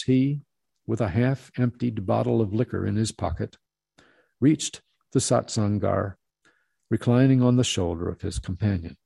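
A man narrating a story in a steady, deliberate reading voice. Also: fairly low pitch, gravelly, slightly rough, no room sound.

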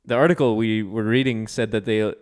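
A man co-hosting a podcast in casual chat and reading listener mail, relaxed and full of drawn-out hesitations. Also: lowish voice.

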